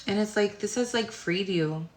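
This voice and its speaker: A woman's voice: mid-range voice, moderate pace. A woman giving a casual tarot reading to viewers, rambling and searching for words, sounding tired. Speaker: tarot reader. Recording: roomy echo.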